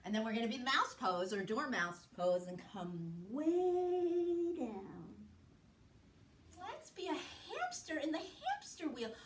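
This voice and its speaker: A woman's voice: high-pitched, sing-song, slow, echoey room, distant mic, a little hiss or hum. A woman leading a children's yoga class in a playful, sing-song way, making animal sounds as she goes. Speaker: kids' yoga teacher.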